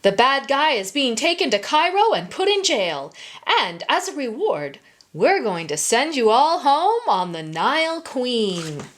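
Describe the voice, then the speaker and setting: A woman's voice: high-pitched, sing-song, measured pace, pitched above the performer's own voice. A woman voicing the grand head of a museum, speaking in a stately, congratulatory way. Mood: proud.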